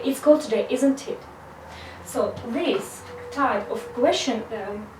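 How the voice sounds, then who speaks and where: Recorded by a far-off mic in an echoey room with a faint hiss or hum, a high-voiced woman teaches grammar on video. This English teacher explains slowly and carefully, frequently using "so," and her tone is a little mellow.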